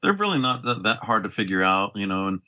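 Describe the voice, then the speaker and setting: A man's voice: lowish voice, big pitch swings, fast, pushed and bright, lo-fi sound. A man co-hosting a podcast, chatting casually about a game in an easygoing way, hedging with fillers. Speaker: podcast co-host.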